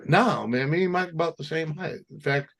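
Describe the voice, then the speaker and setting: A man's voice: on the high side, moderate pace, fairly bright tone. A middle-aged man, hosting a casual livestream with crude, joking banter. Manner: crude, joking, laughs often. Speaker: host.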